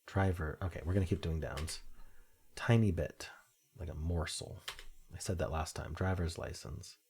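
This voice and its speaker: A man's voice: low voice, fairly even intonation, moderate pace, gravelly, darkish tone. A man thinking aloud while he solves a crossword, reading clues aloud and muttering half-sure guesses. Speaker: crossword-solving video host.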